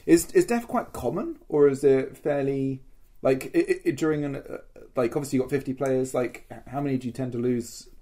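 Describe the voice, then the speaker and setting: A man's voice: medium pitch, normal speed, dark tone. A man, a podcast co-host asking questions in casual chat with many short acknowledgements. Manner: asks questions, frequent short backchannels.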